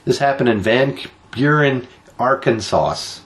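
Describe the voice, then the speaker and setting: A man's voice: medium pitch, lively intonation, measured pace. A man co-hosting a casual podcast, joking his way through odd news stories with plenty of teasing. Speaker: podcast co-host.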